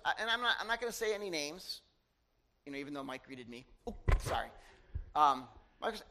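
A male preacher with a high, bright voice delivers a sermon to his congregation. He talks conversationally and animatedly, with frequent asides. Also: very animated, brisk. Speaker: pastor.

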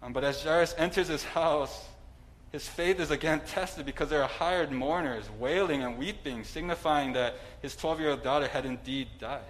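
A man's voice: on the high side, normal speed, rough recording. A man preaching a sermon in a conversational way, with asides and some humor.

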